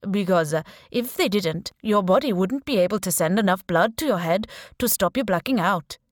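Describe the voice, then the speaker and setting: A woman voicing a male scientist with a strong Indian accent, explaining with animated, filler-laced lecturing in an audiobook. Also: medium pitch, moderate pace, dry recording, clean studio sound, lightly acted. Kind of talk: audiobook character voice.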